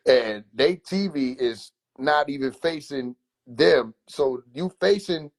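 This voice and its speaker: A man livestreaming from his phone, casually telling animated, profane childhood stories and laughing between lines. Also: mid-range voice, takes it slowly. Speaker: comedian livestreamer. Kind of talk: casual comedic storytelling.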